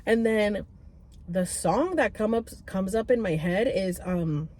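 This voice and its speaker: A woman's voice: medium pitch, measured pace, darkish tone. A young woman vlogger telling a personal story in casual chat, full of "like" and restarts, acting out her own past voice with sudden squeals and cries. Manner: heavy use of "like" and filler restarts. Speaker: vlogger and spiritual reader.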